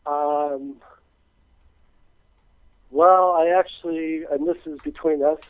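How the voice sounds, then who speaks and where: A man's voice: on the high side, steady tone, slow pace, dry recording. A man calling in to a radio show, talking in a hesitant, stammering, earnest way. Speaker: caller, radio guest. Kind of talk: phone-in chat. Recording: tinny phone line.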